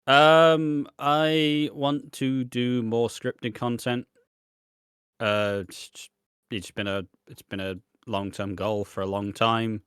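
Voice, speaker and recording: A man's voice: mid-range voice, steady tone, slow pace, fairly bright tone, smooth, no echo, studio quality. A man co-hosting a podcast in casual chat, laid-back and casually swearing. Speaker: podcast co-host.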